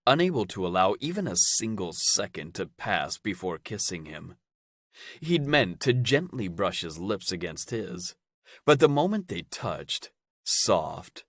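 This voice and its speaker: Deep, slow male audiobook narrator. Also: no room sound, clean studio sound. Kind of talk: scripted romance narration.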